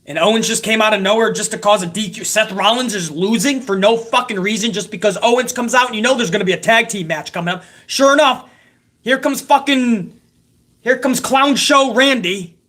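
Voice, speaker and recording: A man's voice: high voice, fairly quick, sharp tone. Male host, profane ranting recap, sarcastic and heated. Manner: heated, sarcastic, heavy swearing. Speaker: wrestling show host.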